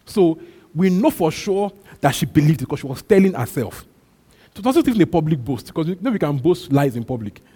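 A man's voice: on the high side, dark tone, breathy edge. Man preaching in a reverberant hall. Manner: emphatic preaching with repetition and call-and-response. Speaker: pastor. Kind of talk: sermon. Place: church.

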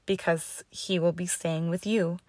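A woman reading the lines of an older headmistress witch, calm, measured and sympathetic, in a storybook reading. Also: fairly low pitch, no echo. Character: stern, steady older female headmistress witch.

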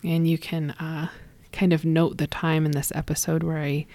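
A woman hosting a reflective talk and reading a gentle blessing, speaking slowly and softly, often trailing into a whisper. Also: low voice, flat delivery, no echo. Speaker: podcast host.

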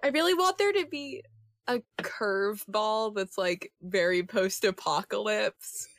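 A woman playing in a tabletop game, enthusiastically pitching ideas in casual chat. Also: measured pace, no room sound, studio quality. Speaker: player.

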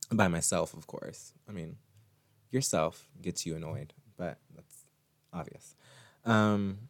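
Deep, slow-talking chatty podcast man. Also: a little mellow, dry recording. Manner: chatty, addresses listener as "girl", laughs often. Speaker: podcast host. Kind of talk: solo podcast monologue.

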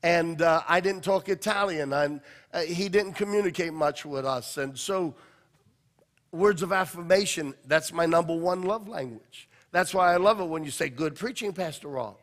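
A high-voiced male pastor delivers a sermon in a church sanctuary, his voice carrying a long hall reverb. He tells stories with passion, pushing hard on some lines and dropping almost to a hush on others. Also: normal speed. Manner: passionate storytelling preacher, swinging from loud to hushed.

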